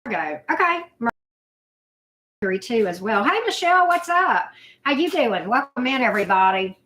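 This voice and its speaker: A woman's voice: a little high, big pitch swings, normal speed, fairly bright tone. A woman, hosting a casual live chat, greeting viewers by name in a loose, self-deprecating way. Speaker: livestream host.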